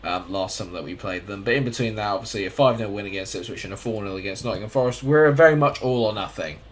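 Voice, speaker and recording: A man's voice: on the low side, fast. A man giving casual, chatty commentary on his own football management game, calling the action as it plays out. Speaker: gaming YouTuber.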